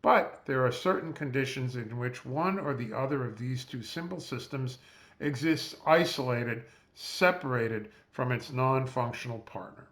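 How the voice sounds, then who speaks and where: A man, a physician, giving a measured, explanatory lecture over slides while seated at a close mic. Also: medium pitch, fairly bright tone. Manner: measured, explanatory, spells out terms.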